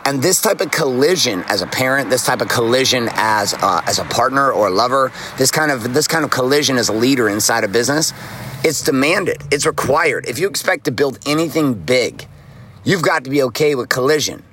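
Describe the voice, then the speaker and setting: A man's voice: medium pitch, expressive, brisk, fairly bright tone, a little hiss or hum. A man hosting a podcast, giving a blunt, profane and fired-up motivational monologue. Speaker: podcast host.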